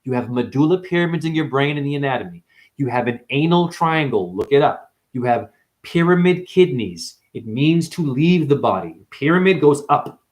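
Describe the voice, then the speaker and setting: A man giving a rambling spiritual livestream monologue, profane and full of sudden jumps in pitch. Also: animated, moderate pace. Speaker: spiritual vlogger.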